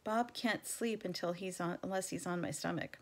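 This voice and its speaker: A woman reading a children's novel aloud in a measured, gentle storytelling manner. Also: on the low side. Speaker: reader.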